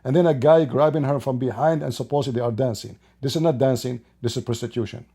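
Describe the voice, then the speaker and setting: This man talks fast in a warm, husky voice of medium pitch with fairly even intonation. As an online commentator, he scornfully and emphatically pushes his opinions, peppering listeners with rhetorical questions in simple, broken grammar.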